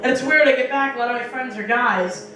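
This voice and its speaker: A woman's voice: sits high, fast talker, a bit bright, a little hiss or hum. A young woman doing a stand-up comedy set in a small bar, telling profane stories with acted-out quotes. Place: small bar stage with a live audience. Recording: echoey room, mic from far off.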